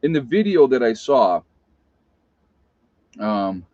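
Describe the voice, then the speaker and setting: A man's voice: medium pitch, sing-song, takes it slowly, darkish tone, no room sound. Middle-aged appalachian guy chatting on a live stream, rambles and drifts off track, dry dull lo-fi sound. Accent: Appalachian American. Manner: rambling, loses his train of thought, reads chat aloud. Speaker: livestream host. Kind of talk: casual live-stream chat.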